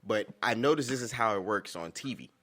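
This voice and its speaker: A man's voice: lowish voice, expressive, fairly quick, fairly bright tone. A man hosting a podcast in casual chat, telling loose stories and quoting people in a put-on voice. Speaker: podcast host.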